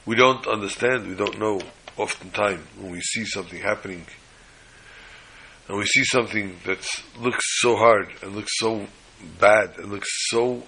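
A man's voice: fairly low pitch, moderate pace, bright, forceful tone, a little hiss or hum, rough recording. A man giving a sermon, emphatic, piling up repeated phrases and restarts.

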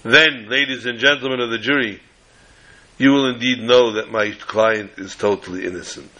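A man playing a booming, theatrical defense lawyer. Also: steady tone, sharp tone, natural voice, low-quality recording. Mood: grandiose. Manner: booming, slow and drawn-out oratory. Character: impassioned male defense attorney, theatrical.

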